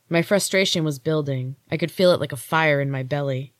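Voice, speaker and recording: A woman host reading a first-person story in a steady, unhurried way. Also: deep voice, dry recording, studio quality. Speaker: podcast host and story reader.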